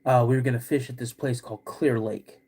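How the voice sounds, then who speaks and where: A podcast host telling a personal story in a halting, casual way, with many restarts. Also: male voice, medium pitch, fairly even intonation, warm tone, breathy edge.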